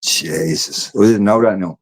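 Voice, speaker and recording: An Irish man with a low voice chats on a podcast. He talks in a relaxed way, repeats himself, and acts out what other people said. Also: unhurried, no echo. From Ireland. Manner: conversational, repeats himself, acts out quoted lines. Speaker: podcast co-host. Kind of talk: casual chat.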